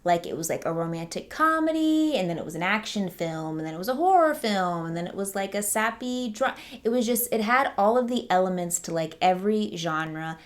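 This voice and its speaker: A woman hosting a casual film review vlog, chatty and enthusiastic, with lots of fillers and restarts. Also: mid-range voice. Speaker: movie reviewer, channel host.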